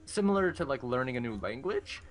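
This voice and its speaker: A man co-hosts a live gaming stream, relaxed and teasing as he talks things through loosely. His pitch bounces around a lot, giving his speech an animated lilt. He sits at an average pitch for a man. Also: fairly quick. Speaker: co-host and voice actor. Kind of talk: casual live-stream banter.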